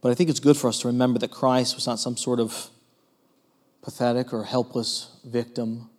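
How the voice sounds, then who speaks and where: A man preaching a sermon in an earnest way, moving between emphatic stretches and hushed ones, with frequent fillers. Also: medium pitch, flat delivery, moderate pace. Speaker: pastor.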